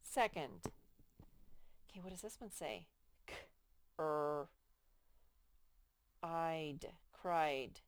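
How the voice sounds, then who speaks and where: A woman teaching young children to read, slowly stretching out each word with patient, clear explanations. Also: sits low, expressive, a little hiss or hum. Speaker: first-grade teacher. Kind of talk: slow, patient phonics lesson to young children.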